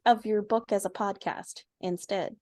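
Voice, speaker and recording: A woman's voice: medium pitch, steady tone, a little slow, a little mellow, no echo, clean studio sound. A woman in her twenties with a slight Southern twang, co-hosting a casual podcast chat with a playful, giggly manner. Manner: playful, giggly, tries out silly accents. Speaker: podcast co-host.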